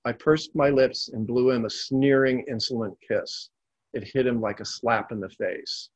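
Calm male narrator reading stories, husky voice, dry close sound. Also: medium pitch, measured pace, no echo, poor audio. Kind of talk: scripted storytelling narration.

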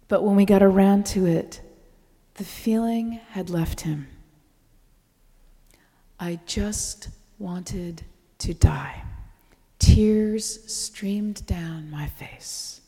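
A woman giving a slow, contemplative spoken reflection to a gathering, often dropping to a breathy whisper. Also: mid-range voice, dark tone. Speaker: speaker sharing reflections. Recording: long reverb in a hall.

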